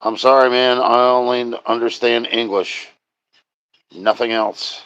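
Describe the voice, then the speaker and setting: A man's voice: mid-range voice, steady tone, unhurried, fairly bright tone, clear, resonant tone, no echo. A man chatting casually on a live stream, rambling, joking and answering chat. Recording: dry, dull lo-fi sound.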